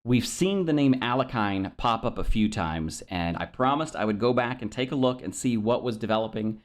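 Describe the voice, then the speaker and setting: A man with a fairly low voice talks through a chess opening lesson in an easygoing way. He hesitates often, filling gaps with ums and correcting himself mid-sentence. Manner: self-deprecating about pronunciation. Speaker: chess instructor.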